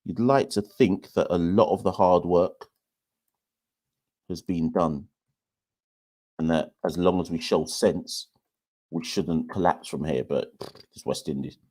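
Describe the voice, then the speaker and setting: A young man hosts a live cricket watchalong, chatting casually and self-deprecatingly with viewers in a loose way. His low-pitched voice is unhurried, with long pauses and a slightly mellow tone. He's a podcast host.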